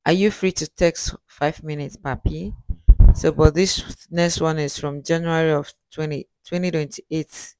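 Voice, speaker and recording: A host reads text messages aloud at a middle pitch and comments on them. The sound is dry and close, with no room around it. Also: a little mellow, smooth, no room sound.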